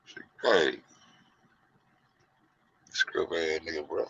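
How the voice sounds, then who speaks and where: A man's voice: a bass voice, slow pace, vocal fry, bright, forceful tone, breathy edge, no echo. A man hosting a casual commentary show, rambling and profane, acting out the people he talks about. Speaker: show host. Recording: lo-fi dull audio.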